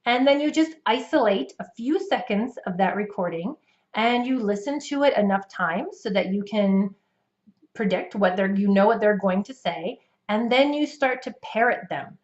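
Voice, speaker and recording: A woman with a North American English accent, explaining accent practice clearly and patiently to the camera as a coach. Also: medium pitch, muffled recording.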